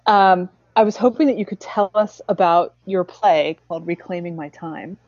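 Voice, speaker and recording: Woman, interviewer, expressive, chatty, frequent restarts, muffled lo-fi audio. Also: fairly low pitch, moderate pace, no room sound. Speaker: interviewer and writer. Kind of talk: casual conversational interview. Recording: dull dry lo-fi recording.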